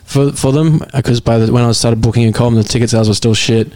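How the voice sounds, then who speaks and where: A man's voice: mid-range voice, fairly even intonation, quick pace, mellow. A man with an Australian accent, a touring singer, telling rambling stories with plenty of swearing in a casual chat. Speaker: guest musician.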